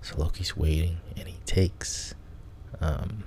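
A man hosting a sleep show, telling a bedtime story in a soft, half-whispered, meandering way. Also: deep voice, steady tone, a little hiss or hum. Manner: meandering and unhurried, with casual restarts.

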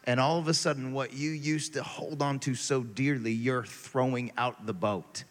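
A man preaching a sermon, moving from quiet scripture reading to loud, animated exhortation. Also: mid-range voice, normal speed, big-room sound.

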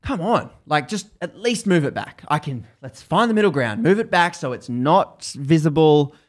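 A man's voice: a little high, animated, moderate pace, pitched above the performer's own voice, lightly acted. A man voicing an angry, determined woman clinic director who pleads and argues in a raised voice. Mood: pleading.

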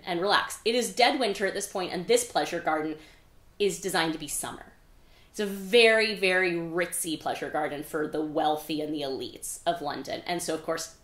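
A woman hosting a podcast, recapping a book in a chatty, casual way with frequent "like" and some swearing. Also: lowish voice. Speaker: podcast host. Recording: echoey room.

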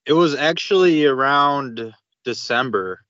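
Bright, laid-back man on dry lo-fi audio. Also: mid-range voice, measured pace, no echo. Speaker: podcast guest. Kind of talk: casual chat.

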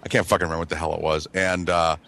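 A man's voice: low-pitched, little pitch movement, rapid-fire, sharp tone, slight background noise. A man casually telling a profane, rambling story and laughing as he goes. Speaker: regular on a men's chat show, Navy veteran.

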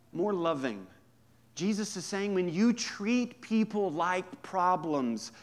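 Male pastor, mid-high voice, chatty humorous sermon delivery, quiet asides and punchy emphasis. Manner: conversational and humorous, swinging from hushed to emphatic.

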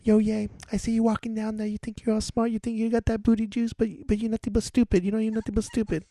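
A man's voice: high voice, completely flat delivery, fast talker, dark tone, pitched above the performer's own voice. A man putting on a brash taunting voice. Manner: mocking, sing-song street talk.

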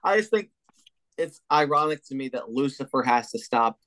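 Man, podcast co-host, casual and animated, swears, dry close sound. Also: mid-range voice, moderate pace, no echo. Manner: animated, swears freely, retells scenes. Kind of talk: casual chat.

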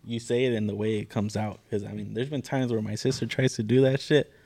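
A man's voice: lowish voice, fairly even intonation, brisk, vocal fry, warm tone. A man in laid-back podcast chat, slangy and saying dude a lot.

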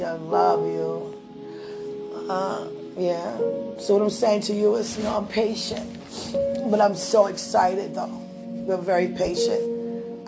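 A woman's voice: on the low side, vocal fry. A woman talking tenderly and laughingly to God in a spoken prayer, at times speaking in tongues. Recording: music playing behind the voice.

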